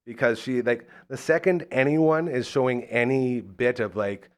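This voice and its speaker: A man hosting a live local talk show, telling stories in a casual, animated way and acting out the voices in them. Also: mid-range voice, moderate pace. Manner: animated storyteller, acts out the voices in his stories. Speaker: radio show host.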